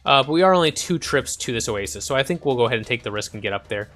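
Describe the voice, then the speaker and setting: A man's voice: medium pitch, lively intonation, very fast, fairly bright tone. A man hosting a casual let's-play, chatting and reading game text aloud. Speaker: gaming channel host. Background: faint game music.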